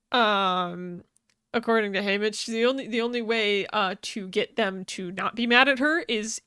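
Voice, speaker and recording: A woman's voice: on the high side, pushed and bright, smooth, dry recording, clean studio sound. A woman hosting a podcast, casually recapping a story, laughing often and swearing freely. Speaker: podcast host.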